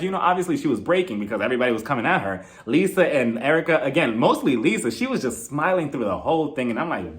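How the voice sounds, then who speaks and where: A young man talks through a reality show episode in a sassy, gossipy way, slipping into quoted lines from the cast. His voice sits a little high and swings up and down a lot as he acts them out. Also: very animated, quick pace, hardly any pauses. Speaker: reality TV recap host. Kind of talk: casual recap commentary.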